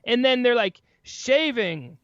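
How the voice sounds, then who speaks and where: High-voiced man ranting on a podcast. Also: moderate pace, no echo, highs cut off. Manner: animated, ranting, mocks ad voices. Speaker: podcast guest. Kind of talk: casual chat.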